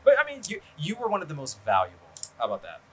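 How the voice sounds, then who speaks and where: A podcast host chats casually in a husky, fairly bright, fairly high-pitched voice that swings hugely in pitch and comes out rapid-fire. He rambles, swears often, and leans heavily on ums and likes.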